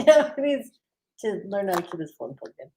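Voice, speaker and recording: A woman's voice: mid-range voice, very animated, brisk, warm tone. A woman co-hosting a recovery livestream, reading viewer comments aloud and chatting, laughing easily. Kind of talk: casual live chat.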